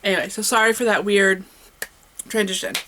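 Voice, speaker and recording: A woman's voice: mid-range voice, fairly even intonation, fairly quick, a bit bright, a little hiss or hum, rough recording. Chatty woman vlogging about books. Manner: chatty, enthusiastic, with frequent fillers and self-corrections. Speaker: booktuber. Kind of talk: casual book vlog.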